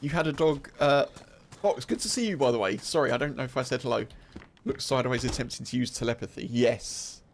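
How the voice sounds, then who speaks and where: A man's voice: medium pitch, steady tone, brisk, a little hiss or hum. A British man chatting casually while streaming a game, rambling, laughing and full of fillers.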